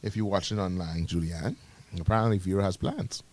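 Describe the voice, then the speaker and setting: A Bahamian man co-hosting a morning radio show in casual chat, teasing and giving jokey shout-outs. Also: low-pitched, brisk. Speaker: radio co-host. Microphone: studio microphone.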